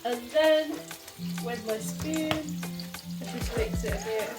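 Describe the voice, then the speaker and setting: A woman's voice: a little high, slow pace, over loud music, rough recording. Chatty young woman with a cold. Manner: chatty and scattered, with fillers and self-corrections. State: has a cold. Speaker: cooking vlogger. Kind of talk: casual cooking vlog chat. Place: home kitchen with frying food.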